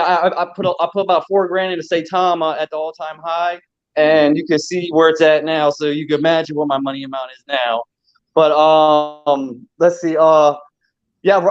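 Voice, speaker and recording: A man from Baltimore calls into a livestream over a dull, lo-fi connection, his fairly high voice excited and nervous. He chats casually, laughing and breathless. The sound is dry. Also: clear, resonant tone, no room sound. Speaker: giveaway winner, caller. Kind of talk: casual call-in chat. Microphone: remote call with bad connection. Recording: muffled lo-fi call audio.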